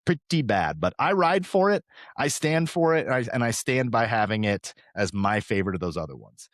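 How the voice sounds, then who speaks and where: A man in his thirties hosting a podcast, talking casually and fast, with an animated, rambling delivery. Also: medium pitch, no room sound, studio quality. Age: 30s. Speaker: podcast host. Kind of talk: casual chat.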